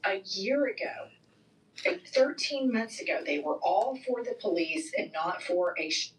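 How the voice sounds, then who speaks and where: Indignant sarcastic woman, slow talker, sounds far off from a replayed clip. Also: mid-range voice, lively intonation.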